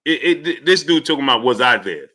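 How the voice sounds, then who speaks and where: A livestream host, a man with a medium-pitched voice, talks fast as he calls out viewers by name from the chat. He's animated and heated, ranting with real fire.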